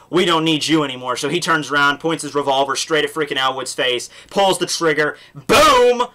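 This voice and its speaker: A man's voice: fairly high pitch, pushed and bright. A young man casually recapping a manga chapter, rambling with lots of fillers and restarts. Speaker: manga reviewer.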